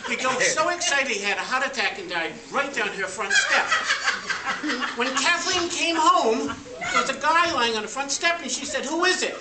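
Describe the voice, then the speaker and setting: A man telling family stories and deadpan jokes over old slides at a family party. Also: very high-pitched, normal speed. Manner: deadpan joke-telling with laughter. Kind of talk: joking slideshow storytelling. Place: party room with guests at tables. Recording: echoey room, voice from far off, noisy.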